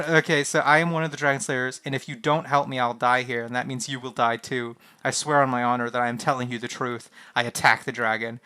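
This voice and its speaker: A man streaming a text adventure game, reading its lines aloud and reacting in an animated, swearing way. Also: medium pitch, brisk, few pauses.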